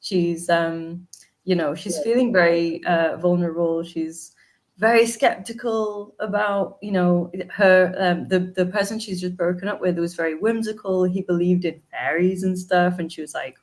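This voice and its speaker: A woman with a slightly low voice talks as a guest in an interview. She speaks hesitantly, fills her sentences with ums and likes, and laughs easily. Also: steady tone, normal speed. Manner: hesitant, many fillers, laughs often. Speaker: comic artist guest. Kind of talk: casual interview chat.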